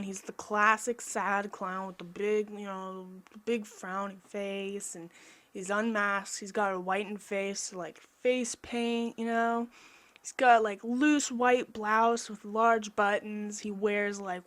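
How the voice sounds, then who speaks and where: A young woman chatting casually over her own drawing video, rambling and self-mocking, easily excited. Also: medium pitch. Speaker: artist vlogger.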